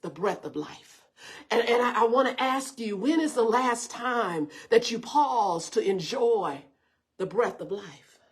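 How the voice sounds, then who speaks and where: Woman pastor, middle-aged, husky breathy tone, lively devotional preaching to an online flock. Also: a little high, measured pace. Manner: energetic, repeats words as she restarts, talks straight to viewers. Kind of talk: livestreamed devotional sermon.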